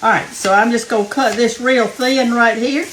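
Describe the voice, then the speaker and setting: A woman's voice: on the high side, steady tone, normal speed, fairly bright tone, slight background noise, poor audio. A Southern woman hosting a home cooking show, chatting folksily with her viewers as she cooks and sounding a little out of breath. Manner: folksy and chatty, talks straight to viewers as "y'all". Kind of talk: casual cooking demonstration. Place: home kitchen. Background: faint frying sizzle.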